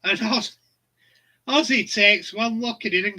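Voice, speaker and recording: A middle-aged channel host chats casually and bluntly, rambling through funny stories and laughing at his own jokes. His voice is high and sharp, at a measured pace with frequent pauses, and the recording is rough.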